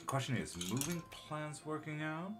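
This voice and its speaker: A man's voice: a little high, normal speed, music in the background. A middle-aged man doing a casual live-stream tarot reading, reading out chat and muttering curses under his breath. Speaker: tarot reader and witchcraft teacher.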